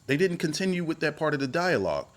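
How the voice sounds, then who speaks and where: A man, a wrestling YouTuber, giving casual opinion commentary in a rambling, animated way that repeats itself. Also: on the high side, fast. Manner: rambling, animated, repeats himself, voice jumps up when worked up.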